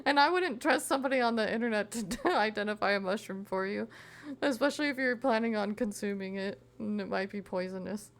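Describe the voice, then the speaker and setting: A young woman streamer with a mid-range voice talks fairly quickly as she crafts, chatting casually with viewers. She reads chat aloud and giggles often.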